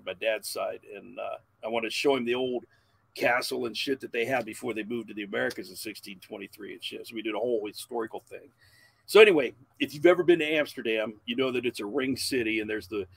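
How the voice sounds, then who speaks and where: A man in his forties, a podcast guest, telling a long profane story in a loud, animated way. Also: mid-range voice, vocal fry, breathy edge.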